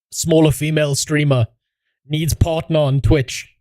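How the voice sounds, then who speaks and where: A man's voice: on the high side, flat delivery, slow, long pauses, mellow, dry recording. Crude, foul-mouthed male streamer. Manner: crude, heavy swearing, self-mocking. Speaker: streamer reacting to videos. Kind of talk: casual stream commentary.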